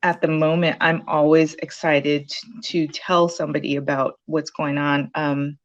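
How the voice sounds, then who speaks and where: A woman's voice: sits low, flat delivery, unhurried, lo-fi sound. A woman being interviewed about her time in a program, talking casually with lots of fillers and restarts. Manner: rambling, many fillers and restarts. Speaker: program graduate sharing her story.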